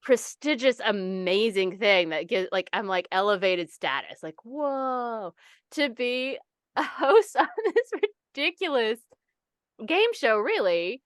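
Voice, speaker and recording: A young woman co-hosting a casual podcast chat, animated and swearing freely as she acts out other people's reactions. Her voice is smooth and clear. It is recorded close and dry. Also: medium pitch, a little slow, no room sound. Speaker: podcast co-host.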